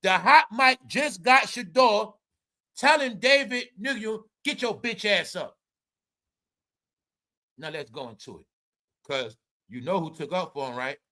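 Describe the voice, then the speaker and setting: Loud profane ranting male commentator. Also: expressive, moderate pace. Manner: profane, mocking, swings between loud and low. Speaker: commentary show host. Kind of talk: ranting celebrity gossip commentary.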